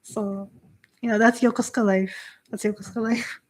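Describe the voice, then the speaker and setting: A young woman with a fairly high voice hosts a casual live stream as a Shinto priestess. She laughs often and rambles through filler words while reading out viewer comments. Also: fairly even intonation, moderate pace. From Canada. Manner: giggly, filler-heavy, reads viewer comments aloud.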